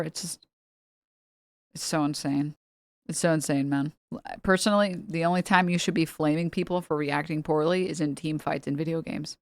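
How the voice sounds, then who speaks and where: A woman's voice: low voice, moderate pace, pauses often, no room sound, clean studio sound. A woman streamer in a casual reaction stream, ranting heatedly with a lot of swearing and talking straight to her chat. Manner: heated, profane, exasperated ranting.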